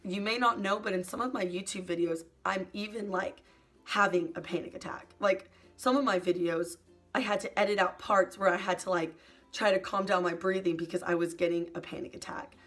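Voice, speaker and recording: Soft-spoken young woman sharing personal struggles. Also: mid-range voice, fairly even intonation, fairly quick, faint music behind. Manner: soft, hesitant, many "like" fillers. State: emotional, near tears at times. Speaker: YouTuber. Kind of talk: personal confessional vlog.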